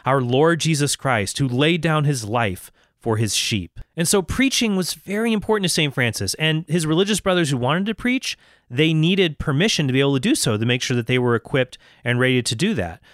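A man speaks with a slightly raised pitch and an animated storytelling delivery. He slows down to read quotes with weight. The sound is close and dry, with no room in it. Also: no echo. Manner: animated storyteller, reads quotes slowly and emphatically. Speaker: Catholic speaker and author. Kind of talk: lecture-style talk on saints.

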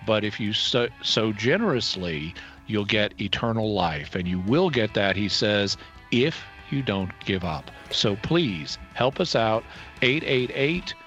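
A male radio co-host making an earnest, measured pledge appeal, quoting scripture. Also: fairly low pitch, animated, fairly bright tone, soft background music. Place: radio studio.

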